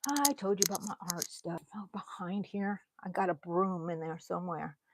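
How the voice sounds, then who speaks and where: A woman's voice: on the low side, steady tone, moderate pace, no echo. A middle-aged woman chatting casually on a live stream as she tours her small craft room at home, rambling from one item to the next. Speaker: crochet vlogger.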